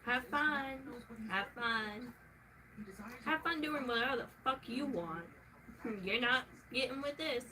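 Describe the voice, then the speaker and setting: A young woman venting in a casual vlog, swearing freely and swinging from soft talk to loud shouting. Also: sits high, takes it slowly, background noise.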